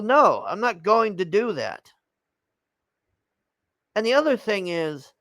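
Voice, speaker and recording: A man's voice: a little high, a bit bright, no room sound. A man telling an angry story in a heated, profane rant, tagging his lines with "man". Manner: heated, swears constantly, tags lines with "man".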